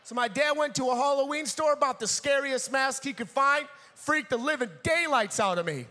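A man's voice: very high voice, normal speed, big-room sound. A young man giving a sermon in a church, telling a personal story and acting out the people in it. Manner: animated storyteller, acting out voices. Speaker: preacher.

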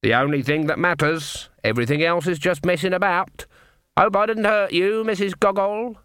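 A man playing a stern, proud old witch woman who speaks slowly and coolly. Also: on the low side, a bit bright, smooth, dry recording, clean studio sound, pitched above the performer's own voice, close to an everyday voice. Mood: calm. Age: older. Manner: cool, unyielding, slow deliberate speech.

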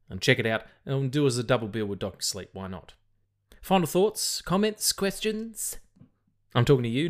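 A man co-hosting a film podcast in loose, chatty talk. He rambles, swears freely and trips over his words, restarting sentences as his thoughts outrun him. His voice sits at a middle pitch. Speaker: podcast co-host. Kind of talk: casual film podcast chat.

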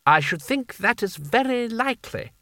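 A pompous, flowery-speaking ruler, prim and fussy, his voice pitched up and a little thin, as a male reader puts him on. Every remark comes wrapped in ornate, over-polite compliments. The audiobook recording is dry and close. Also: sing-song, a little slow, fairly bright tone, no echo, heavily acted.

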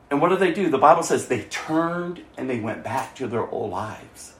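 A male pastor with a high voice delivers an impassioned sermon. He swings from loud, emphatic lines down to quiet, hushed asides. The sound carries a roomy echo. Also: expressive, moderate pace, hardly any pauses.

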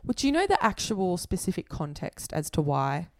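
A young Australian woman co-hosting a podcast in easygoing chat. She talks in a laid-back way and is quick to laugh. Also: fairly low pitch, big pitch swings, a little mellow, no echo, clean studio sound. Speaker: podcast co-host. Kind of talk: casual chat.

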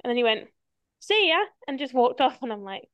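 A woman's voice: on the high side, fast talker, darkish tone, no room sound, dull audio. A woman hosting a podcast, telling stories in casual chat and swearing freely. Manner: chatty storyteller, swears casually. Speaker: podcast host.

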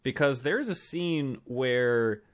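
A man's voice: mid-range voice, lively intonation, slow pace. A man co-hosting a podcast in casual chat, joking, rambling and laughing often. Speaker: podcast co-host.

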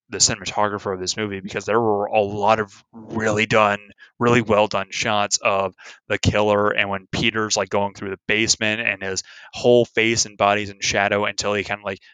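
Guy cohost talking thru a movie, bright forward voice, dry close sound, lots of likes and ums. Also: lowish voice, flat delivery, normal speed, smooth, no room sound, rough recording. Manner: rambling, many filler words. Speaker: podcast co-host. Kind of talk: casual movie discussion.

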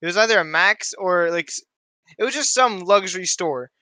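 A young man from Canada, co-hosting a podcast and telling a story in an excitable, casual way. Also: high voice, normal speed, dry recording. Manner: excitable storytelling with frequent swearing. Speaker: podcast co-host. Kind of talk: casual chat.

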